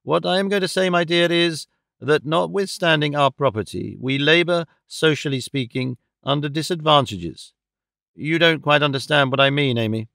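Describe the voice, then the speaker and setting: A man reading an audiobook voices a proud, sharp-tongued young woman who talks in a lofty, affected way. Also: on the high side, gravelly, no room sound, studio quality. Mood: lofty, confiding. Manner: lofty, affected, quick to snap.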